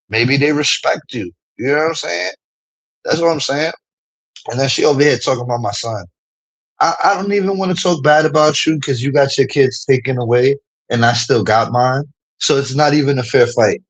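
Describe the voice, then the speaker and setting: Husky man ranting mockingly on stream. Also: medium pitch, low-quality recording. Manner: heated and mocking, laughs often; keeps saying "you know what I'm saying".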